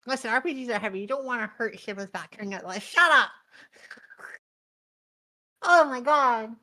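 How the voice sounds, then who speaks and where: A young woman streamer chatting loudly over a co-op game. Her voice is bright and slightly high, and she swears freely and laughs between lines. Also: quick pace, low-quality recording. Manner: loud, swearing, laughing a lot. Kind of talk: casual let's-play chat.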